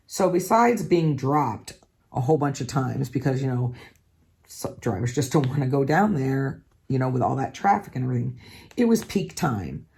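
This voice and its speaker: A woman with an extremely low, creaky, slightly mellow voice hosts a diamond painting channel. She chats casually and candidly as she crafts, letting the occasional swear word slip.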